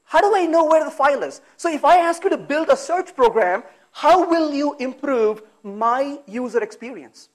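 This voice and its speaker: A man gives an animated technical conference talk. His voice sits high and swings widely in pitch. He throws out rhetorical questions and acts out exasperated asides. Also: normal speed, few pauses. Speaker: conference speaker. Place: conference hall.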